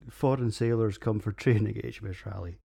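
A man's voice: on the low side, a little fast, gravelly, dark tone, husky. A man in his forties hosting a solo beer podcast, rambling crudely and breaking into fits of giggling. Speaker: podcast host reviewing beers.

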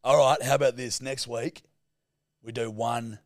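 A man's voice: medium pitch, level tone, a little slow, no echo, clean studio sound. A man co-hosting a comedy podcast in casual banter, teasing and blunt, swearing freely. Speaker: podcast co-host.

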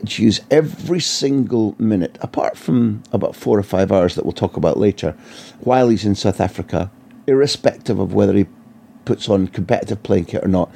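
A man's voice: on the low side, creaky, warm tone, husky. A man, a football journalist telling vivid anecdotes in an interview, often restarting his phrases. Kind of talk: storytelling interview answers.

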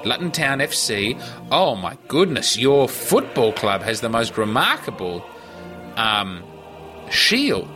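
A man hosting a podcast alone, rambling playfully and swooping his pitch for jokes, with music behind him. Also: very animated, slow. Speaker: podcast host. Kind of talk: rambling comedic monologue.

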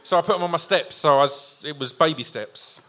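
A man's voice: on the high side, fairly quick, a bit bright. A man telling a comic story in a casual chat and laughing as he goes. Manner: jokey, laughs often.

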